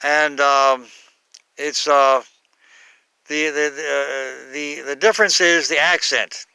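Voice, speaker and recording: A man giving an unscripted Bible talk, halting, with many fillers and self-corrections. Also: fairly high pitch, steady tone, gravelly, sharp tone, clear, resonant tone, dry recording. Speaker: Bible teacher.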